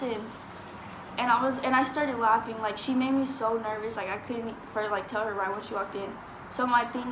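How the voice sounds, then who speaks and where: Chatty young woman telling a story. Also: a little high. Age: 20s. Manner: rambling, quotes people with "I was like". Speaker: vlogger. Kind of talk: storytime chat. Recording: echoey room with background noise.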